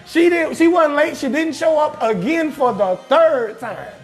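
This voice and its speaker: Very high-voiced, gravelly comedian man. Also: unhurried, soft background music. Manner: loud, emphatic, frequently shouting punchlines. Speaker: comedian host. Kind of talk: profane comic storytelling.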